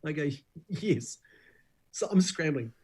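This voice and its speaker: A man's voice: on the high side, slow, husky, low-quality recording. A middle-aged man with a New Zealand accent, a radio breakfast host telling stories as a guest in a casual interview. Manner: animated storyteller who acts out quotes.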